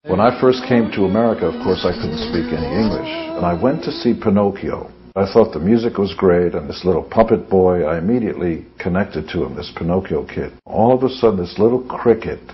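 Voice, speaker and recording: A man's voice: deep voice, lively intonation, a little fast, few pauses, highs cut off. A man in his sixties, a musician turned businessman, giving a boastful, joking motivational talk. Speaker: musician and entrepreneur.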